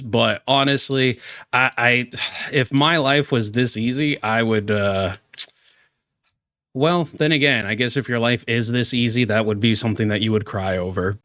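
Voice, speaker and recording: A man's voice: mid-range voice, fairly bright tone, no room sound, clean studio sound. A man giving exasperated reaction commentary on a streamer, ranting with many restarts.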